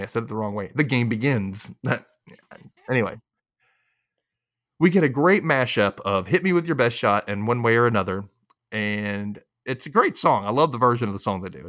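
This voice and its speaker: A young man hosting a podcast, recapping a TV episode in an animated, chatty way and laughing at his own jokes. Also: medium pitch. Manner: animated, chatty, self-amused with frequent laughs. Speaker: podcast host.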